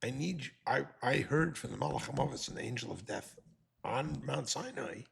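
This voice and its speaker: A man's voice: mid-range voice, moderate pace, gravelly, a crowd in the background. A man playing an older male prophet who gives urgent orders.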